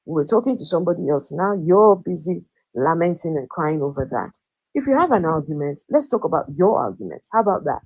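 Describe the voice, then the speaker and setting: Woman, host, low voice, husky, blunt, repeats questions, live audio-room debate. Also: very animated, fairly quick, darkish tone, rough recording. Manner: firm and blunt, repeats her questions insistently.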